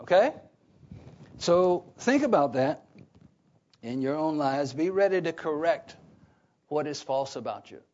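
A man preaching a Bible teaching sermon, emphatic, often pausing on "what?" so listeners fill in the words. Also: a little high, lively intonation, a little mellow. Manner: emphatic, repeats key phrases. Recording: dull lo-fi recording.

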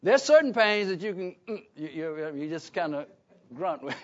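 A man's voice: fairly high pitch, lively intonation, moderate pace. Man preaching with emphatic questions. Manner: emphatic, asks the congregation questions. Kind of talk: sermon. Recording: dull lo-fi recording.

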